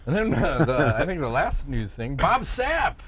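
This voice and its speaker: A man's voice: fairly high pitch, very animated, moderate pace, a bit bright, slightly rough. A man hosting a podcast in casual chat, profane and jokey. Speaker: podcast host.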